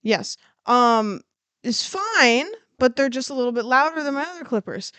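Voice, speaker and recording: Smooth-voiced chatty woman streamer. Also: sits high, animated, normal speed, fairly bright tone, no echo. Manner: chatty, explaining step by step, swears casually. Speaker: streamer cutting hair on stream. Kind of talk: casual live-stream explanation. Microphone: clip-on microphone.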